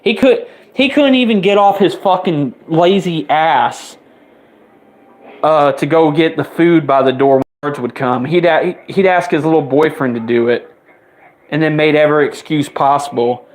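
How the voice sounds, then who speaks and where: Twenty-something guy venting mad, cussing nonstop, voice shoots up when he's worked up. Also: a little high. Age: 20s. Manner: heated, rapid-fire swearing, voice spiking up when riled. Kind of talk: angry profane rant to the camera.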